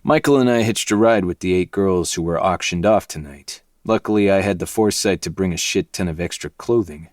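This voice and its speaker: A man reading a dark novel aloud in first person, with low, intense, brooding delivery. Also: brisk, hardly any pauses, no echo, studio quality. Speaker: podcast host reading a novel.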